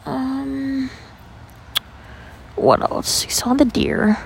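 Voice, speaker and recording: A young woman from New York, a podcast host, telling stories in a chatty, animated way, full of "like" and casual swearing. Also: high voice, extremely slow, vocal fry, slight background noise. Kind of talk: casual storytelling.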